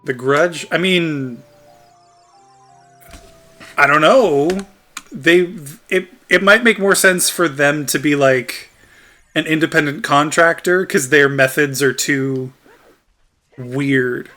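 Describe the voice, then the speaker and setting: Bright-voiced male streamer chatting over gameplay. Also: a little high, slow pace, pauses often, soft background music. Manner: rambling, laughs often, filler-heavy. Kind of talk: casual gameplay chat.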